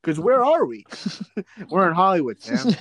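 A man putting on a pushy eighties videotape film teacher who barks orders at his slow pupil in a raised, higher voice. The sound is dry and close, with no room around it. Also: big pitch swings, a bit bright, dry recording, full character voice. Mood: impatient. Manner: bossy, impatient. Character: gruff 1980s how-to-film-video male instructor.

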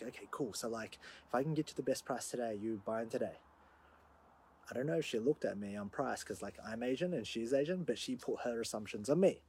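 Husky man telling an animated story. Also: medium pitch. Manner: animated, swells loud when retelling confrontation. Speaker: podcast host. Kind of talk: storytelling monologue.

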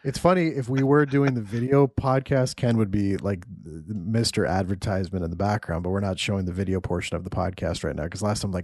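A man's voice: sits low, steady tone, brisk, hardly any pauses, a little mellow, no room sound, studio quality. A man hosting a casual podcast, talking loosely, swearing and laughing often. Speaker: podcast host.

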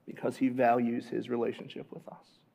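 A man in his thirties preaching a conversational sermon as a pastor, dropping to a hush and then rising loud and animated. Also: medium pitch, a little fast, vocal fry, highs cut off.

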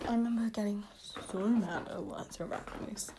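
A young woman hosting a casual podcast rant, rambling with many fillers and self-corrections, getting animated as she tells a story. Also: normal speed, noisy background. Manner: animated storytelling, pitch jumping when excited. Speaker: podcast host.

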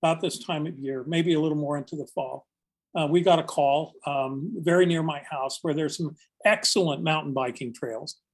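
Older man, slightly higher voice, earnest rescue storyteller on a podcast chat. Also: normal speed, slightly rough. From United States. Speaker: search and rescue volunteer, guest.

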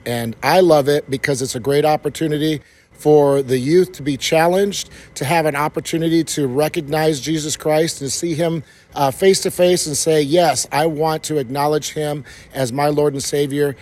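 Enthusiastic pastor, fairly high voice. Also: male voice, steady tone, moderate pace. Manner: enthusiastic, warm praise. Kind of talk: casual interview answer.

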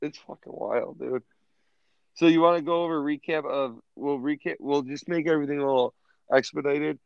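A man co-hosting a casual podcast, profane and animated as he tells stories. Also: fairly high pitch, brisk, gravelly, clean tone, no room sound. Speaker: podcast co-host. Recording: dull lo-fi sound.

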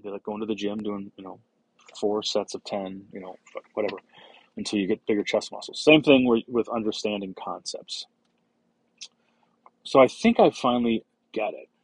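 A man's voice: lowish voice, fairly even intonation, normal speed, breathy edge, no echo, poor audio. A man hosting a solo podcast, talking casually in a rambling way with many fillers, restarts and casual swearing. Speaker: podcast host.

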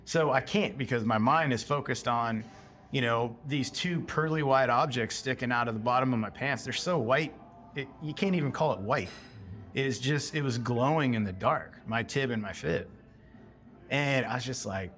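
American guy, middle-aged, casual war storyteller who acts out his own past lines, mid pitch. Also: moderate pace, a bit bright. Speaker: guest, military veteran. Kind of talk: personal war story told in conversation.

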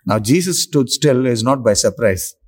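A man preaching a sermon, slow and emphatic, with long pauses for effect. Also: mid-range voice, animated, a little mellow.

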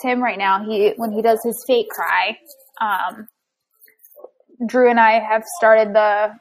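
A woman's voice: medium pitch, slow pace, long pauses, slight background noise. A young woman co-hosting a casual parenting podcast, telling frank stories and acting out exchanges with her family. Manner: frank, animated storytelling, acts out exchanges. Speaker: podcast co-host, mother. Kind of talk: casual chat.

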